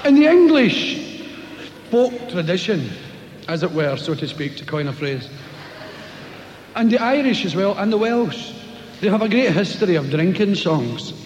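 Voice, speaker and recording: A Scottish man telling jokes on stage as a stand-up comedian, chatty and animated. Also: high voice, unhurried, long pauses, a little hiss or hum. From Scotland. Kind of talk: live stand-up storytelling. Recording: echoey hall, live venue.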